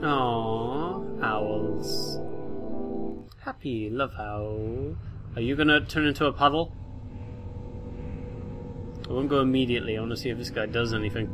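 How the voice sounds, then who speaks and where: A man's voice: medium pitch, a little slow, long pauses. A young man giving chatty, easily startled commentary while playing a game, talking to its figures. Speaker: gamer. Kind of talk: let's play commentary. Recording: faint piano music behind.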